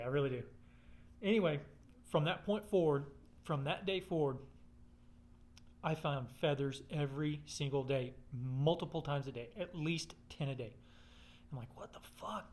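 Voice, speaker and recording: A man's voice: on the high side, a little hiss or hum. A man telling a rambling personal story in casual chat, swearing constantly.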